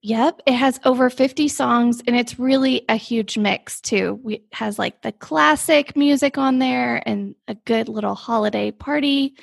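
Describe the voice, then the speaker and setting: A woman's voice: fairly high pitch, measured pace, gravelly, hardly any pauses, dry recording, studio quality. A woman co-hosting a podcast in bubbly, gushing casual chat, full of "like". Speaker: podcast co-host.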